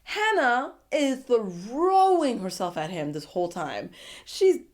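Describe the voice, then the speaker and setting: A woman giving a casual, animated, sassy recap of a reality show episode and laughing often. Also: a little high, slow pace.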